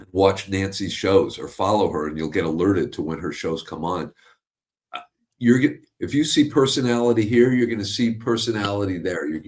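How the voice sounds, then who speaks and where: A man's voice: low voice, darkish tone. Blunt, eager male interview host. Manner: enthusiastic, blunt, swears casually. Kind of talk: casual conversational interview.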